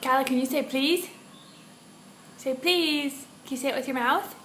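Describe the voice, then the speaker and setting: A young woman at home, a mother coaxing her toddler to talk in slow, sing-song baby talk with soft laughs. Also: sits high, a little hiss or hum.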